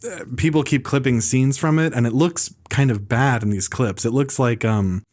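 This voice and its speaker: A man's voice: mid-range voice, moderate pace. A young man co-hosting a casual film podcast, rambling with lots of "like" and dry jokes. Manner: rambling, heavy use of "like", deadpan jokes. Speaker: podcast co-host.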